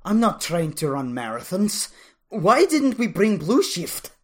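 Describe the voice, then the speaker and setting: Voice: mid-range voice, big pitch swings, unhurried, voice pushed up. A narrator putting on a huffing, whiny young woman agent. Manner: loud complaining, out of breath.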